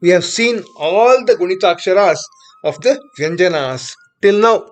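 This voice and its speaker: A teacher gives a recorded Sanskrit lesson, slowly drilling syllables and saying each one twice before patiently explaining pronunciation. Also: mid-range voice, animated.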